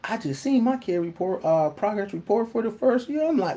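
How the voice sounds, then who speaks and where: Blunt, animated man, casual monologue. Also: high voice, a little fast. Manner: laughs often. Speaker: host.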